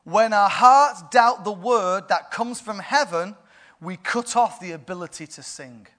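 A man preaching a sermon in a playful way, often laughing and building to loud bursts. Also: sits high, unhurried.

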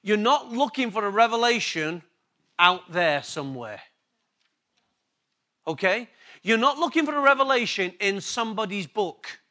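A man's voice: sits high, expressive, moderate pace, pauses often, pushed and bright. A man with an English accent preaching a sermon, repeating key words for emphasis and asking the congregation questions. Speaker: pastor.

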